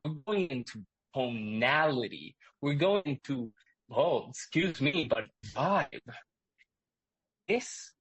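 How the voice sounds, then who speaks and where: Guy running a live ai webinar, talks fast then slow, keeps restarting, dry sound. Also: mid-range voice, husky, no echo. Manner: energetic, rambling, lots of restarts. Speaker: host and instructor.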